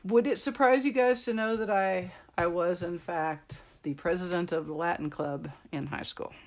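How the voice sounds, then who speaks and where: A woman's voice: on the low side, normal speed. Chatty self-mocking woman demonstrating crafts. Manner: chatty, self-deprecating, joking with viewers. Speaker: card-making demonstrator. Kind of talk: live-streamed craft tutorial chat.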